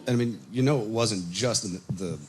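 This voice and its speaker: Lively low-voiced man teaching. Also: moderate pace, slight background noise. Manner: animated storytelling, acts out quotes, chuckles. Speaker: Bible study teacher. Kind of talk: casual teaching. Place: congregation meeting room. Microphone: microphone on a PA system.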